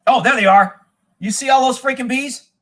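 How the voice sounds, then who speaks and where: A man hosting a live show, telling a long profane story in a casual, animated way and quoting the people involved. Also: very high voice, moderate pace. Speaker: host.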